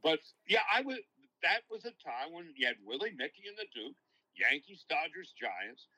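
Older New broadcaster, bright and forward, spins long reflective stories as an interview guest. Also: male voice, a little high, sing-song, moderate pace, breathy edge, low-quality recording. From New York. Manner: long-winded, reflective storytelling. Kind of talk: casual interview, storytelling.

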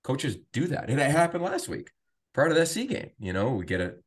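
A man who calls games on TV, telling an animated behind-the-scenes story on a sports talk show. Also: medium pitch, fast talker. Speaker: sports play-by-play broadcaster.

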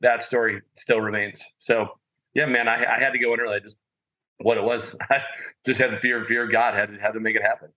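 Bright-voiced man telling rambling stories. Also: on the low side, a little fast, poor audio. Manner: rambling, animated, with lots of fillers. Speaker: podcast guest, former college walk-on athlete. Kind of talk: casual storytelling.

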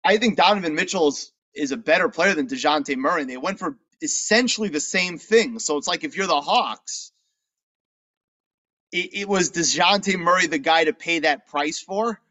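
A man co-hosting a casual sports talk show, animated and quick to push back with pointed questions. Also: fairly high pitch. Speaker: podcast co-host.

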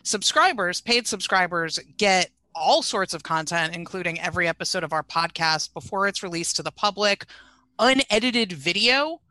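Bright, crisp woman giving brisk plugs. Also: on the low side, expressive, no room sound. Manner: teasing, then brisk and promotional. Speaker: podcast guest. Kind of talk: casual chat.

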